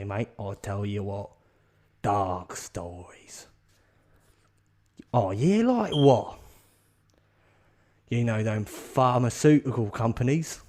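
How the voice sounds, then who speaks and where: A man's voice: mid-range voice, darkish tone, natural voice. A man voicing a cocky former prince turned mechanic. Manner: cocky, swaggering.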